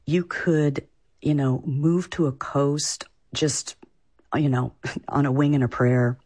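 A woman's voice: low voice, slow, darkish tone. A woman from Iowa, a food writer, answering interview questions in a chatty way with many fillers. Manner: chatty, lots of "you know" fillers.

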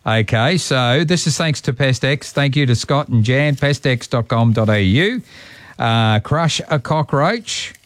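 A man's voice: medium pitch, lively intonation, measured pace, no room sound. A man with an Australian accent hosting casual talkback radio, chatting with callers in a matey way. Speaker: radio host. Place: radio studio. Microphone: studio microphone.

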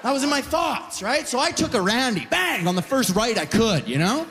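A young adult man doing a stand-up comedy set to a live audience, animated, tagging his lines with "right?" and "you know?". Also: very high voice, normal speed, background noise.

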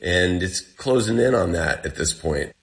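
A man, the guest, recounts a personal ordeal in a casual storytelling way, with lots of fillers and a pace that speeds up and slows down. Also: low-pitched, expressive.

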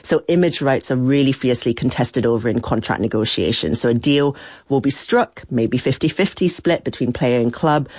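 Guy on a podcast reading out the facts then chatting, mid-pitched voice, dead dry mic. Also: normal speed, a little mellow, dry recording. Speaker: podcast co-host. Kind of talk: scripted narration in a chat.

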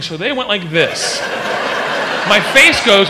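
A male stand-up comedian in animated storytelling with vocal sound effects, in a live comedy club. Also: high-pitched, measured pace, noisy background.

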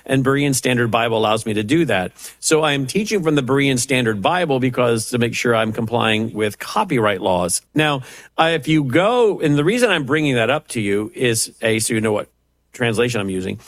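A man's voice: mid-range voice, animated, fairly quick, dry recording. A man teaching the Bible verse by verse, preaching with passion and firing off rhetorical questions and mocking asides. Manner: impassioned, rising to emphatic preaching on scripture. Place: at a computer, typing up passages.

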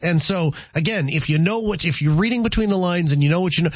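A man hosts a call-in talk radio show, his voice sitting a little high for a man. He talks in a chatty, rambling way, full of fillers and restarts. The studio sound is dry and close. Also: fast talker, no room sound.

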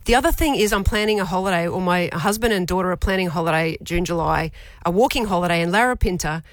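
A woman's voice: lowish voice, quick pace, no echo, clean studio sound. A middle-aged woman co-hosting a casual chat, candid and self-mocking, laughing often. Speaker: podcast co-host.

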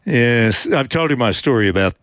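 A man's voice: medium pitch, lively intonation, normal speed, a bit bright, no room sound. A man co-hosting a casual radio chat, telling stories in a dry, understated way. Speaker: radio co-host.

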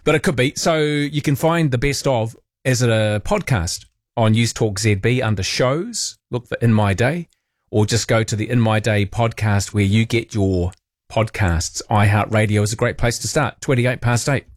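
A man's voice: mid-range voice, moderate pace, no echo, studio quality. A man hosting talkback radio, playful and chatty. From New Zealand. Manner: playful, animated, jokey asides. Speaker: radio show host. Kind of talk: casual talkback radio chat.

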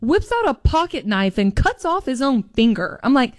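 A woman's voice: high voice, normal speed, no room sound. Young woman. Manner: animated storyteller, laughs often. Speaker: podcast co-host. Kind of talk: casual chat.

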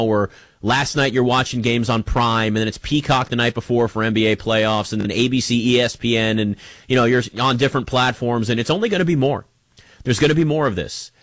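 A man hosting a sports talk show, giving a casual opinion monologue in an emphatic, animated way and speaking straight to the listener. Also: medium pitch, dry recording. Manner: conversational, emphatic, animated, addresses listener directly.

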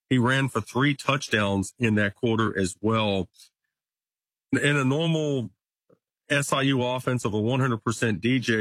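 Guest sports reporter, male, husky voice, dry sound, chatty and numbers-driven. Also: mid-range voice, fairly bright tone, dry recording. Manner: stat-heavy, conversational, occasional restarts. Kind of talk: casual sports analysis.

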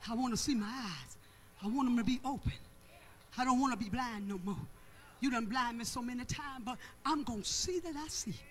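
A pastor preaching a sermon with passion, shouting and half-singing repeated refrains. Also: medium pitch, brisk. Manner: repetitive call-and-response preaching.

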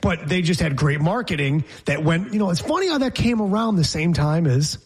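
A man co-hosting a radio show, telling stories in quick, joking banter with playful asides. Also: fairly high pitch, expressive, husky. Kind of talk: casual banter.

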